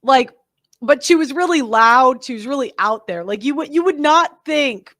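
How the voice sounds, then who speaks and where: A woman's voice: high voice, lively intonation, moderate pace, a bit bright, no echo, studio quality. A woman hosting a reaction show, talking in a candid, blunt way that rambles and interrupts itself. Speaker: host. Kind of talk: reaction commentary.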